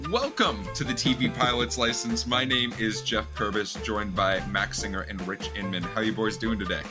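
A man's voice: lowish voice, moderate pace, music in the background. A man hosting a podcast in casual, playful chat, laughing often. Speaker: podcast host.

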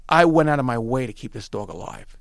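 A man's voice: mid-range voice, big pitch swings, quick pace, gravelly, dry recording. A middle-aged man from New York with a New York accent, telling a story as a podcast guest, emphatic and repeating himself, quoting dialogue. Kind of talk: animated storytelling.

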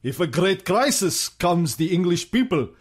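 A man putting on a Russian accent to voice a stern older male Soviet dictator, speaking slowly and deliberately. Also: high-pitched, very animated, breathy edge, voice pushed up, exaggerated voice. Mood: dry, knowing.

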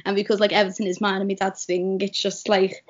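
A woman's voice: mid-range voice, level tone, a little fast. A young woman from Liverpool with a strong Scouse accent, chatting casually as a podcast guest and rambling with lots of "like". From Liverpool, England. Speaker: guest, radio producer. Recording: dull lo-fi remote call audio.

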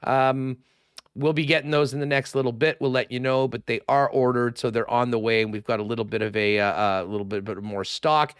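This sports radio host, a man with a Canadian accent, rambles chattily through sponsor plugs and giveaways on a casual sports talk show. His medium-pitched voice holds a steady tone, moves fairly quickly, and sounds clean in a dry, studio-quality recording.

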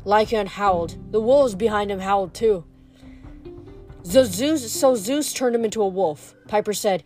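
A woman reading a novel aloud, steady, with small stumbles over words now and then. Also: mid-range voice, unhurried, soft background music. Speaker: reader.

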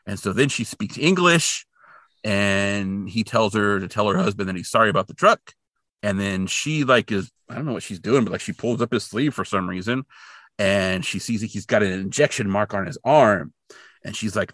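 Animated sarcastic man recapping an episode. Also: lowish voice, a little fast, dry recording, clean studio sound. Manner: animated, sarcastic, acts out quotes. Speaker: podcast co-host. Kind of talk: casual recap chat.

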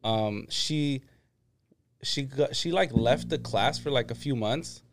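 A man's voice: medium pitch, takes it slowly, a little hiss or hum. A young man co-hosting a podcast, recalling school days in a rambling way full of "like". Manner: rambling, heavy use of "like". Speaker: podcast co-host. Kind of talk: casual chat.

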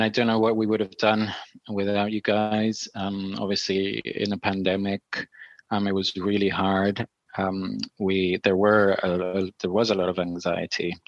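Low, bright-toned man with dry sound. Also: no echo, lo-fi sound. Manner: hesitant, many ums and restarts, laughs easily. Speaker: interview guest, digital health researcher. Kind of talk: casual interview answers.

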